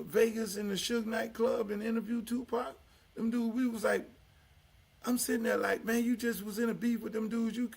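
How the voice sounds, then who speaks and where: An older man from Miami hosting his own podcast, talking in a loud, emphatic, profane way that drops to low confessional asides. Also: vocal fry. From Miami, United States. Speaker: podcast host. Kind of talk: casual profane talk-show monologue.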